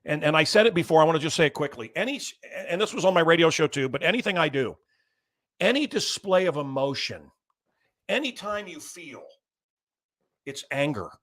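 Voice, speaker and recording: A man's voice: a little high, lively intonation, fast, fairly bright tone. A middle-aged man hosting a show, delivering a blunt, combative political monologue with crude language. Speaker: show host.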